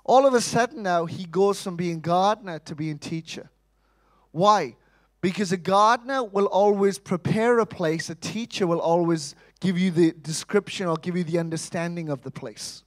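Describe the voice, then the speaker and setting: A man preaching a sermon in church, animated, asking rhetorical questions and acting out quotes. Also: sits high, moderate pace.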